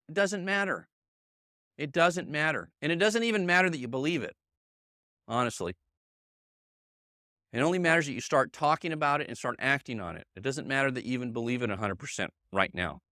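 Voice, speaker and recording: Man, middle-aged, sales team leader, motivational training, bright forceful voice, emphatic and repetitive, dry close sound. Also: a little high, expressive, brisk, dry recording. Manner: emphatic, repeats himself, checks in with "okay?" and "right?"; addresses colleagues in the room by name. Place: meeting room with a live audience.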